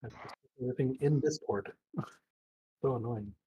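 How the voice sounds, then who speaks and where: A man's voice: mid-range voice, a little fast, warm tone, breathy edge, no echo, lo-fi sound. A man, a player in a tabletop game, chatting casually and wryly over a headset on a voice call.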